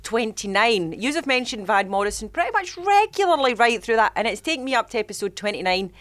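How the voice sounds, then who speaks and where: A woman's voice: a little high, very animated, fairly quick, a bit bright. Blunt, sweary Scottish woman. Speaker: podcast guest. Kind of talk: casual banter.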